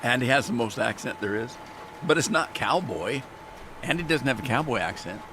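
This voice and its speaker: A man's voice: medium pitch, expressive, moderate pace, background noise. A man chatting casually on a live stream, talking candidly and rambling with frequent restarts.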